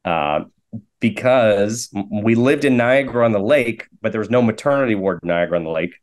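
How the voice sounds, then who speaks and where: Canadian guy in his 40s telling rambly self-deprecating jokes, lowish voice. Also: expressive, a little fast. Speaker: guest, actor and comedian. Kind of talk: casual interview chat.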